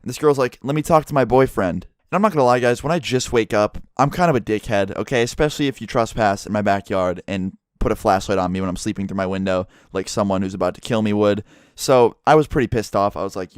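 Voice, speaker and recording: A young man with a low, smooth, clear voice tells a story to his vlog audience. His delivery is casual and blunt, full of swearing. The sound is close and dry. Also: no room sound. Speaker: vlogger.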